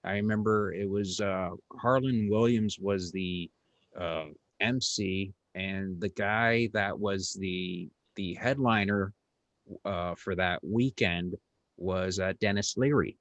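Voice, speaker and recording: A man's voice: sits low, slow, fairly bright tone, dry recording, highs cut off. A middle-aged man, a comedian hosting an interview, telling a story in a casual, rambling way with lots of fillers, restarts and blunt, crude words.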